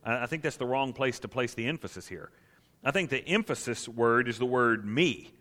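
A man's voice: medium pitch, expressive, normal speed, pushed and bright. A man preaching a sermon as pastor to a church gathering, earnest and building to impassioned emphasis.

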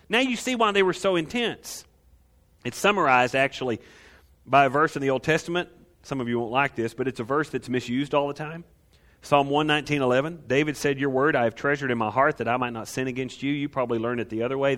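A pastor, preaching a lively sermon full of rhetorical questions and light humor. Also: male voice, medium pitch, fast talker.

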